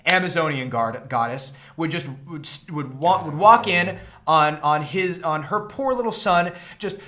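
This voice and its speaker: A man's voice: fairly high pitch, normal speed, sharp tone. Rambling young man running a game. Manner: rambling, stumbling, swearing, laughing often. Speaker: game master and streamer. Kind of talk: casual stream chat running a tabletop game.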